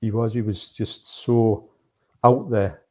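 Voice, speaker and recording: A man's voice: on the low side, fairly even intonation, takes it slowly, dark tone. A man co-hosting a live movie chat, rambling and chatty, reading out viewer comments. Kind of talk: casual live-stream chat.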